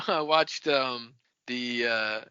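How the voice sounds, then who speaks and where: A man's voice: extremely slow, clean tone, no echo, lo-fi sound. A man co-hosting a book podcast, chatting casually and joking around. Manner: animated, jokey, swings widely in pitch. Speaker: podcast co-host. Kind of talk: casual book-club chat.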